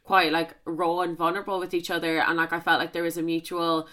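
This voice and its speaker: A woman's voice: lowish voice, level tone, brisk, sharp tone. A young woman hosting a podcast, telling a story candidly and emphatically and swearing freely. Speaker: podcast host.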